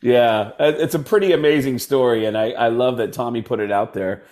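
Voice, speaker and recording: A man who is a comedian guest, telling animated stories and switching into voices for the people he quotes. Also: medium pitch. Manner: lively anecdotes with quick voice switches for quoted people. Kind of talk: animated storytelling chat.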